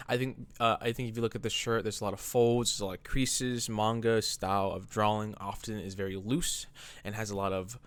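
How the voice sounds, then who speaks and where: A man with a slightly low voice talks casually about his drawing. He rambles in a relaxed, self-deprecating way and sounds a little out of breath. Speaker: artist vlogger. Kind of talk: casual commentary over drawing.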